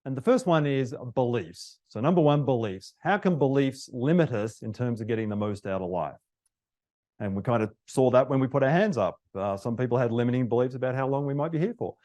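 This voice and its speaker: A man's voice: medium pitch, lively intonation, brisk, darkish tone. A man hosts a seminar panel and moderates it politely. He introduces each topic in an orderly way and hands the questions to his panelists. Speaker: host, real estate agent.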